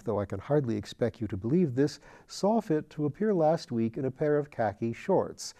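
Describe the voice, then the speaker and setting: Guy reading a novel out loud, low warm tone, calm even pace. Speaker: audiobook reader. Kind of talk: reading a novel in letters aloud.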